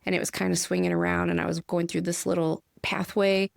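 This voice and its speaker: A woman's voice: lowish voice, level tone, a little fast, vocal fry, no echo, clean studio sound. A middle-aged woman, co-hosting a spiritual podcast and telling stories in a chatty way with easy laughter. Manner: chatty storyteller, laughs easily. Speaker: podcast co-host. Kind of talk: casual spiritual chat.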